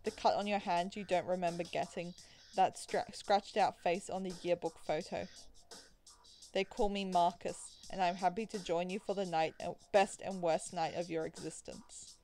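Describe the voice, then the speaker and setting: A woman voicing a smug, theatrical male vampire who speaks in a slow, emphatic Southern drawl, melodic like a preacher. She reads his lines aloud while playing a visual novel. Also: sits high, fairly even intonation, a little mellow, soft background music.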